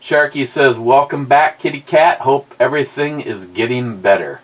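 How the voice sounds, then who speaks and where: A man's voice: mid-range voice, moderate pace, low-quality recording. A man, hosting a livestream in casual chat and reading out viewer comments in a rambling, blunt way with free swearing. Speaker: livestream host.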